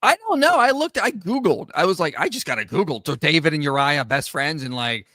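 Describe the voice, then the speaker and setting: A man hosting a casual group chat, animated and joking, talking in quick bursts. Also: a little high, dry recording, studio quality. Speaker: show host.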